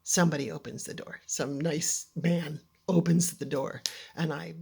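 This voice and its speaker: A husky, slightly low-pitched woman tells a personal story to a listening audience. She is animated and dramatic, swinging between lively bursts and hushed near-whispers. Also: unhurried.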